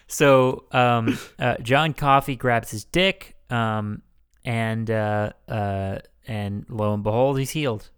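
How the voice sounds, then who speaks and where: A man's voice: mid-range voice, slow, a bit bright, clear, resonant tone. A man co-hosting a podcast, recapping a movie in a rambling, crude way, full of fillers and restarts. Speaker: podcast co-host. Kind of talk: casual chat.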